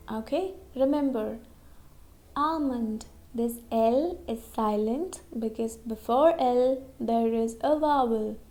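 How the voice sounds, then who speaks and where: A woman teaching English pronunciation in a slow, deliberate lesson, repeating each word and often checking in with "okay?". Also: sits high, a little mellow.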